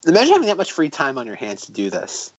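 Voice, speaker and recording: A man's voice: medium pitch, wildly swooping pitch, fast, husky, no echo, rough recording. A man hosting a podcast in casual chat, exclaiming and repeating himself as he talks. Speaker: podcast host.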